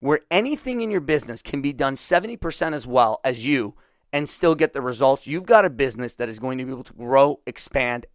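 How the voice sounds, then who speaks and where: A man hosting a solo business podcast, talking straight to his listeners in an energetic, motivational way. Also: mid-range voice, dry recording. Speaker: podcast host.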